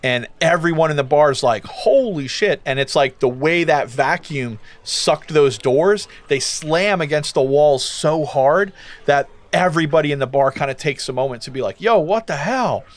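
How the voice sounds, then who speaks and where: A man running a tabletop role-playing game, narrating in a loose, animated way with lots of fillers. His voice sits a little high for a man. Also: moderate pace. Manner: casual, animated storytelling with many fillers. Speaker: game master.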